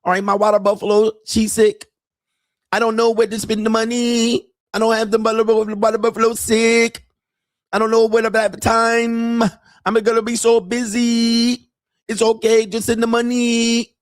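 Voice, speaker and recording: A man putting on a high, wheedling young Thai bar girl in a mock Thai accent, speaking broken English and tacking "sir" onto every line. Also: monotone, moderate pace, no room sound, clean studio sound. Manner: sing-song, wheedling, keeps adding "sir" and "Po". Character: pleading young Thai bar girl woman, sweet-talking.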